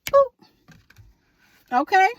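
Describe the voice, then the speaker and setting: A woman giving a chatty, sassy tarot reading to her viewers, calling them honey and boo and laughing often. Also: extremely slow. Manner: laughs often, asks spirit aloud. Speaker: tarot reader.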